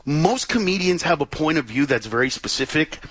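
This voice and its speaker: High, animated man in dry studio chat. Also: no echo. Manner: animated, rapid storytelling with quick restarts. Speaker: comedian guest. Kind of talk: casual interview chat.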